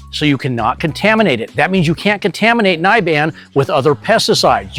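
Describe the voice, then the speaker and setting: Guy pitching pest bait, slightly high voice, energetic and salesy, faint music behind. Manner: energetic, salesy, direct to camera. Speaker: pest control channel host. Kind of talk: product demonstration.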